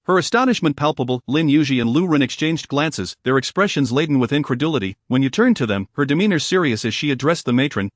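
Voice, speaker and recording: A man narrating a scripted story in an even, measured way. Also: mid-range voice, no echo, studio quality.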